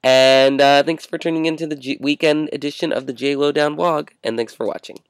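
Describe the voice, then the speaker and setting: A man's voice: fairly high pitch, fairly even intonation, a little fast, clean tone, no echo. A young man hosting his own vlog, chatting casually through news topics with rambling restarts and asides. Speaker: vlog host.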